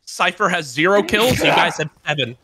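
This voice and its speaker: A man's voice: sits high, lively intonation, normal speed, pushed and bright, husky. A man in casual game chat, giving score updates like a mock announcer. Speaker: gamer.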